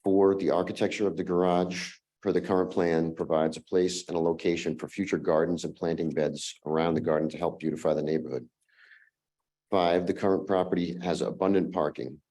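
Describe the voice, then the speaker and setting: A hoarse man who is losing his voice, making a formal presentation as an applicant to a town zoning board and running through a numbered list with fillers. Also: low voice, fairly even intonation, fairly quick, dark tone. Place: town meeting room.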